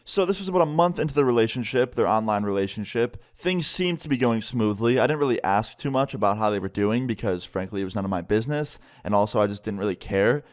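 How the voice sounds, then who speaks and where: A young man casually telling a storytime tale to the camera, chatty and often ending lines with "okay?". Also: mid-range voice. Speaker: YouTuber. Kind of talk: storytime narration.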